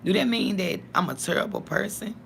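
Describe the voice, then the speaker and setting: A woman vlogger, talking bluntly to her viewers, cursing and swinging between calm and heated. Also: mid-range voice, a little fast, creaky, a little hiss or hum. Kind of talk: casual talk to viewers.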